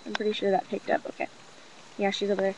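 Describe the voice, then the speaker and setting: A woman's voice: mid-range voice, monotone, fast, darkish tone. A young woman rambling through a casual gossip vlog at home, mocking and profane, with many fillers. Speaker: vlogger. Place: room at home with a cousin talking nearby. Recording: noisy home webcam recording.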